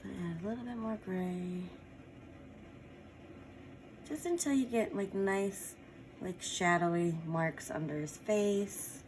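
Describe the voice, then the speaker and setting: With a mid-range voice, a woman speaks slowly and leaves long pauses while leading a casual painting lesson. She chats as she works and adds small apologetic remarks, over some background noise.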